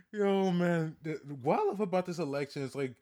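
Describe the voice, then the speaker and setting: A man co-hosting a casual podcast chat, slangy and halting, with many restarts. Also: sits high, mellow. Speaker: podcast co-host.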